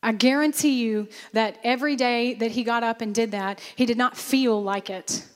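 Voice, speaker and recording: A woman pastor preaching a sermon, animated and lively, acting out bursts of praise as she goes. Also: on the high side, normal speed, big-room sound.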